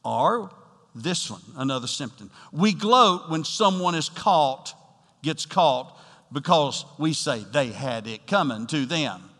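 A man's voice: fairly high pitch, animated, slow, fairly bright tone, long reverb tail. A male pastor preaching a sermon, building to emphatic bursts and talking straight to the congregation. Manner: preaching with rising emphatic bursts and direct address.

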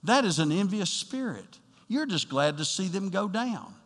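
A man's voice: high-pitched, big pitch swings, moderate pace, fairly bright tone, in a large hall. A male pastor preaching a sermon, building to emphatic bursts and talking straight to the congregation. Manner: preaching with rising emphatic bursts and direct address.

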